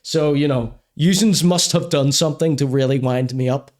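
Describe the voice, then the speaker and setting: On his live-streamed comedy show, this podcast host launches into a crude, mock-serious rant before apologizing repeatedly, and he also reads the chat. He speaks at a normal speed in a medium-pitched, somewhat dark voice.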